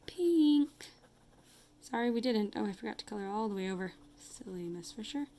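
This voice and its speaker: A woman's voice: mid-range voice, expressive, normal speed, dark tone, slight background noise. A woman teacher talking children through a math lesson as she draws, chatty and apologetic, counting aloud as she goes. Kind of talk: casual math lesson to kids.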